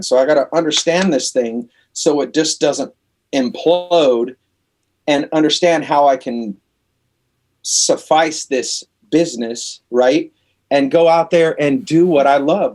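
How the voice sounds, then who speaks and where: A man guesting on a casual podcast interview, telling animated stories in a loose, profane way. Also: mid-range voice, a little slow. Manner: animated storytelling, swears freely, acts out quoted exchanges. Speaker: guest, rock band lead singer.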